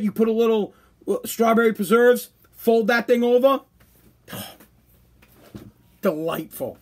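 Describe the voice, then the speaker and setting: Animated man as a podcast host, a bit husky, high-pitched, ranting. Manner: animated, emphatic, slangy. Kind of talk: casual rant to a live stream audience.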